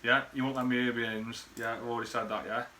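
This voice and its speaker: Bright-voiced bloke rambling fondly. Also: male voice, mid-range voice, little pitch movement, fast talker. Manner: rambling, sweary, chuckling. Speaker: friend recording a birthday message. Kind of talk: casual rambling reminiscence.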